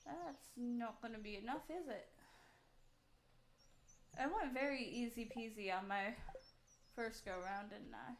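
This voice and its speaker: A woman talks slowly and loosely to her live chat while she plays, drifting between stray thoughts and the game in front of her. Her voice sits a little high, and faint noise hums behind it. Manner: rambling, chatty, self-talk between game actions. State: out of breath. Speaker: streamer. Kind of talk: casual live-stream chat while playing. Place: home.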